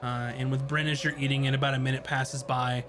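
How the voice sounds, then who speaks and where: A man running a tabletop game as game master, narrating in a rambling, halting way full of fillers. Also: medium pitch, flat delivery, noisy background.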